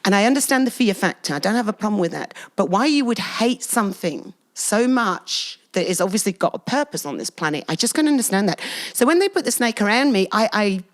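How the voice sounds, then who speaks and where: A middle-aged woman talks as a guest in a casual interview. She tells her stories with animated, lively energy and laughs often. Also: medium pitch, fairly quick, few pauses.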